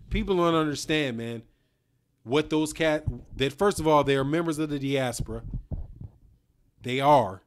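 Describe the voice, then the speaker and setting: Blunt, smooth-voiced man hosting a live stream. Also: fairly high pitch, a little slow. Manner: blunt, animated slang-heavy talk, reads out super chats. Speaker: boxing channel host.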